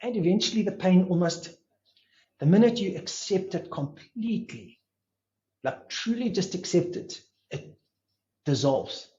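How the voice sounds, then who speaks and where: A man tells a story as a podcast guest, playing out his own thoughts in quoted voices. His voice sits fairly high. The recording is roomy and a little dull. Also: a little slow. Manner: animated, acts out his own inner dialogue. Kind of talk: storytelling in conversation.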